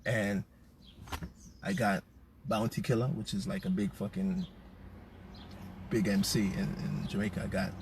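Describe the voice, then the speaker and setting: A man hosting from his car, telling a long rambling story in a casual, swearing, animated way. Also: fairly low pitch, measured pace, long pauses, background noise. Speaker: host.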